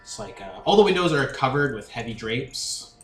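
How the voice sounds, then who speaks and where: A man at mid pitch narrating a tabletop game as its game master, easygoing and full of fillers. His voice rings in a roomy space, with faint music underneath. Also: moderate pace. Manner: relaxed, with fillers and laughs.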